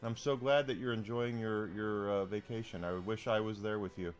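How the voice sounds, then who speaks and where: A man's voice: fairly low pitch, fairly even intonation, moderate pace, soft background music. A man streaming a video game, chatting casually with viewers and commenting on what he finds. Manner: chatty, talks to chat readers between game remarks.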